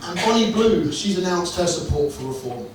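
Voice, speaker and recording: A man with a high-pitched, animated voice does a stand-up set at a moderate pace indoors in a comedy club, telling crude, sweary jokes with a wry storytelling style. The recording is noisy and echoey, picked up from a distant mic.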